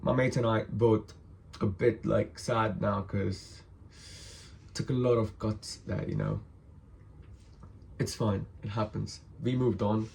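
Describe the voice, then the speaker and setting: A hungover man tells a story straight to the camera, loose and animated, dropping swear words everywhere. His voice sits at an ordinary middle pitch, and he keeps jumping in to act out what other people said. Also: creaky, a little hiss or hum. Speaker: vlogger telling a story. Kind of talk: casual storytelling monologue.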